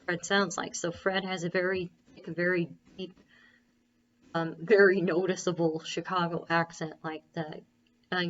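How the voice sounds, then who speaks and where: A woman's voice: on the low side, fairly bright tone, muffled recording. A woman author talking casually about her character, rambling with many fillers and restarts. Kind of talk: casual monologue.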